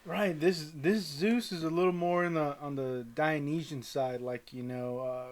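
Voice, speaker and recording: A man's voice: fairly high pitch, steady tone, unhurried. A man co-hosting a review podcast in casual chat, rambling and hesitant with many fillers. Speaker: podcast co-host.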